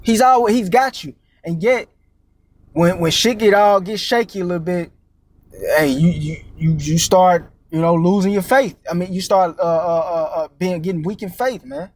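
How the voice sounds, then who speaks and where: A man with a noticeably high voice delivers a casual street-style sermon. He cusses freely, drops "man" and "you know" constantly, and stalls on stammered repeats before pushing his point. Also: normal speed, dry recording. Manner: casual and profane, many fillers and "man", "all right?"; repeats words while searching, stammering restarts. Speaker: preacher.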